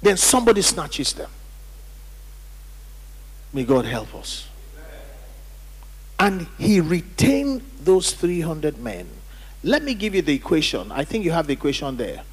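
Husky preaching man in echoing hall. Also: on the high side, very animated, measured pace, pauses often. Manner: emphatic preaching, calls on congregation to repeat. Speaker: pastor. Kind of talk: sermon. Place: church hall during service. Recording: church hall reverb.

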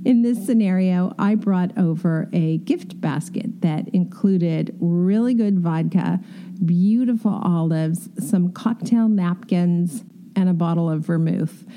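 A woman's voice: on the low side, slow, dark tone. A middle-aged woman, an interior designer, telling candid, self-deprecating stories from her work and giving emphatic advice. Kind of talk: storytelling advice talk.

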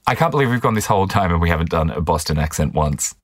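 A man's voice: low voice, animated, fast talker, dry recording, clean studio sound. A man co-hosting a podcast in casual chat, explaining his points at length in an earnest way. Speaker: podcast co-host.

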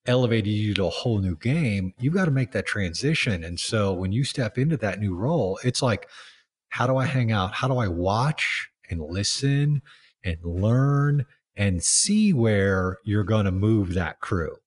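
A man hosting a podcast as a leadership coach, talking in a relaxed, reflective way. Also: fairly low pitch. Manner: relaxed, conversational, reflective with fillers. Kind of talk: casual podcast conversation.

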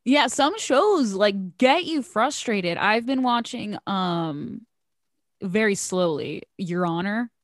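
A woman chatting casually, jumping up in pitch for quoted voices and trailing off softly. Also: expressive, takes it slowly, dry recording, clean studio sound. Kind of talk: casual chat about TV shows.

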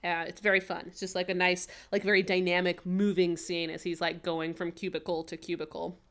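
A woman's voice: fairly low pitch, little pitch movement, fairly quick, a bit bright. Chatty woman recapping with many fillers. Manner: rambling, filler-heavy recap with frequent laughs. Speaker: podcast co-host recapping a TV episode. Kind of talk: casual chat.

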